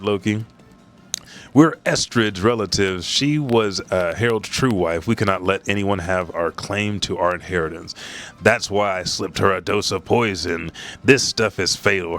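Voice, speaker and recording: A man hosting a live manga reaction, reading dialogue aloud and reacting profanely. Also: deep voice. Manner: profane, animated reading of dialogue in quick bursts.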